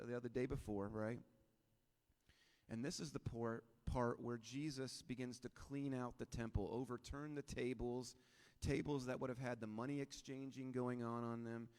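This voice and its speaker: A male pastor preaching in an easy, conversational way, often tossing rhetorical questions to the congregation. His voice sits in an ordinary middle register. The sound carries a long reverb from the church hall. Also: medium pitch. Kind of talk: sermon.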